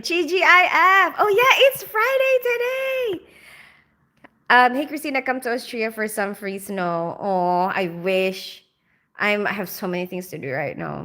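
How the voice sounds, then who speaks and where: A woman in her forties, raised in the Philippines, hosts a casual livestream, reading viewer comments and laughing often. Her voice is on the high side, bright and forceful.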